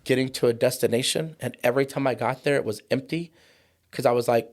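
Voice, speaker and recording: A man in his forties, a podcast guest talking about trauma in an impassioned, preachy way, slowing down for emphasis. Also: medium pitch. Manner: fired-up, preachy, slows down for emphasis. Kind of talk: impassioned conversational podcast talk.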